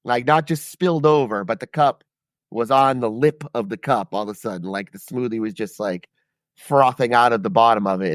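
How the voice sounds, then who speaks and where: A man telling stories on a podcast in a loose, rambling, foul-mouthed way. His voice sits at an ordinary middle pitch. The sound is close and dry, with no room in it. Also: no room sound. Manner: loose, profane, rambling delivery. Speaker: podcast co-host. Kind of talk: casual storytelling.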